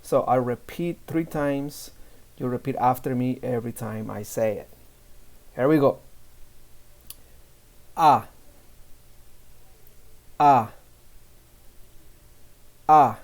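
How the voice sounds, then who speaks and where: A man's voice: mid-range voice, steady tone, moderate pace, vocal fry, darkish tone. A man teaching a beginner Spanish lesson, saying each letter and word three times for learners to repeat.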